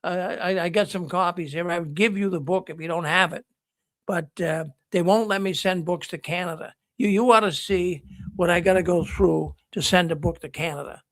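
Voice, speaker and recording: Man, call-in show host, rambling storyteller, gravelly high voice, dry close sound. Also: moderate pace, a bit bright, no echo. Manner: rambling storyteller with many restarts. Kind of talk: casual live call-in talk.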